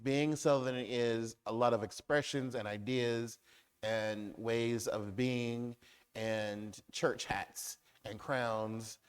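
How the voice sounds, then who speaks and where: A man speaking as a guest author in a public conversation, riffing through animated lists. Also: medium pitch, clear, resonant tone.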